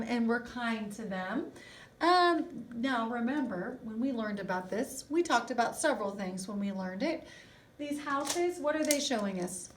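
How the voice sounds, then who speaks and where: A woman's voice: fairly high pitch, recorded from a distance. A woman music teacher giving a recorded video lesson to young children, talking in an encouraging way and asking them lots of questions. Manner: slow, encouraging, asks children many questions.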